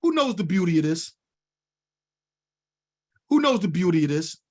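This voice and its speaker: A high-pitched man leads a fired-up funding lesson. He drives each point home by saying it twice and calls out to his audience as y'all. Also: very animated, moderate pace. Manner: preachy, repeats lines for emphasis, addresses audience as y'all. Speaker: business funding coach. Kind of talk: fired-up teaching at a whiteboard.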